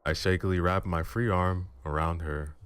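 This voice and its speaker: A man hosting a channel who narrates a first-person horror story in a dramatic, measured way. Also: sits low, steady tone, fairly bright tone, slight background noise. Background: music.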